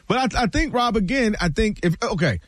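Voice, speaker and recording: A man co-hosting sports talk radio, his voice fairly high for a man and swinging widely as he argues. He talks in loose, slangy banter. The sound is dry and close. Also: brisk, dry recording. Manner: animated, laughing, slangy banter. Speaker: radio co-host.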